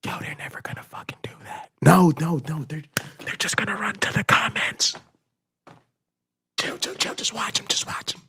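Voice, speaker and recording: A man's voice: high voice, fairly quick, a little hiss or hum, pitched above the performer's own voice. A man voicing scheming billionaires who whisper conspiratorially and then gloat with taunting laughter.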